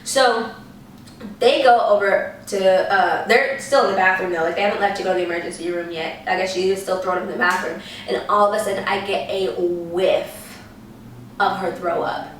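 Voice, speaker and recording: Young woman, storytime vlogger, lively retelling with voiced quotes, roomy echo. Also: normal speed, slight background noise. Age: young adult. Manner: animated, acts out quotes in high voices. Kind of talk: casual storytelling. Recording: echoey room, voice a bit far from the mic.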